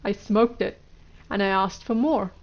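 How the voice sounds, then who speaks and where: A woman's voice: mid-range voice, unhurried, lo-fi sound, lightly acted. A woman reading the lines of an elderly male guru, lecturing in an instructive way. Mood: boastful. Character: elderly male Indian guru, stern teacher.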